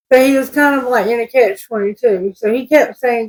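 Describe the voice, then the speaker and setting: A woman's voice: on the high side, poor audio. A woman tarot reader reading scripture aloud and musing on it in a loose, rambling way, often restarting her sentences. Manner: slow, rambling, self-correcting. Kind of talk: casual spiritual reading.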